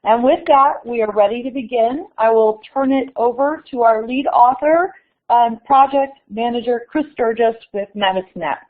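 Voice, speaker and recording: Woman, webinar moderator, higher voice, reading from script, phone-line audio. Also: moderate pace. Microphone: conference call line.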